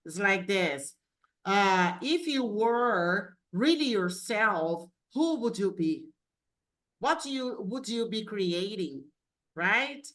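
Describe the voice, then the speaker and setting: A woman's voice: mid-range voice, lively intonation, slow pace, fairly bright tone. Brazilian lady hosting a podcast over video call, takes her time, lots of yes and amazing. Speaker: podcast host. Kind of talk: casual interview chat.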